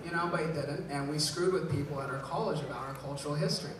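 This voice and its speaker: A man's voice: a little high, fast, noisy background. A man from the Bay Area performing a live stand-up set, telling punchy, self-deprecating stories. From San Francisco Bay Area. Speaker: stand-up comedian. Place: comedy club stage. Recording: echoey club, far mic, loud crowd.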